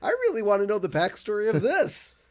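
A high-pitched man speaks briskly as a podcast co-host, recapping a cartoon episode in casual chat. He's animated and acts out quotes in put-on voices.

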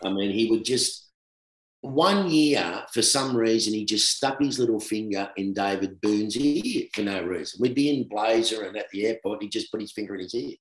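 A middle-aged man with an Australian accent, a former cricketer telling stories in a relaxed, animated chat with laughter. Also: on the low side, moderate pace. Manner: animated anecdote telling with laughter, swings between loud and hushed. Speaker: guest, former professional cricketer. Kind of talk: casual storytelling chat. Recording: roomy echo.

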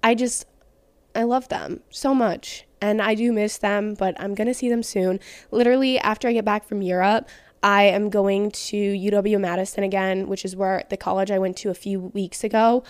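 A woman's voice: medium pitch, fairly even intonation, normal speed, darkish tone, no room sound. A young woman hosting a casual solo podcast, talking candidly with lots of "like" fillers. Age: young adult. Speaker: podcast host.

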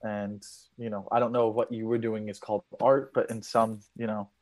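A man's voice: lowish voice, little pitch movement, moderate pace. Rambling mock-serious comedian, man. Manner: rambling, mock-serious, lots of "you know". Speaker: comedian and actor, podcast guest. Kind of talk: casual comedy podcast chat.

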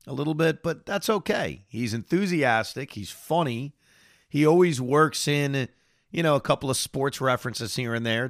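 A man's voice: mid-range voice, fairly bright tone, dry recording, studio quality. A man hosting a solo podcast, giving chatty, opinionated commentary. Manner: opinionated, chatty, quotes others animatedly. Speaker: podcast host.

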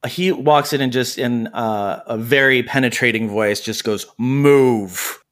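A man's voice: mid-range voice, moderate pace, fairly bright tone. Casual man playing a tabletop game. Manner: casual, describes his character's actions, laughs now and then. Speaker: player. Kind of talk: tabletop role-play.

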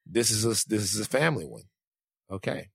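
Animated storytelling man, dry sound. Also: fairly low pitch, brisk, gravelly, husky, no room sound. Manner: animated, acts out quotes in other voices. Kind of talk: casual storytelling chat.

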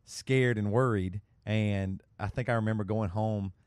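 A man co-hosting a casual podcast, telling stories with lively laughter. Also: lowish voice, a little slow, clear, resonant tone, no room sound, clean studio sound. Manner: lively storyteller who laughs as he talks. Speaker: podcast co-host. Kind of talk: casual chat.

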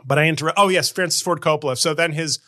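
Bright high-voiced man riffing fast. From Haitian background. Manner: fast riffing, slips into loud put-on character voices. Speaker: comedian podcast host. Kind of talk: casual comedic chat.

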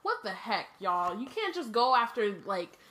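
Animated woman co-host, emphatic. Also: normal speed. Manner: animated and emphatic, jumps in pitch when worked up. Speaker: podcast co-host. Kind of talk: casual book-club chat.

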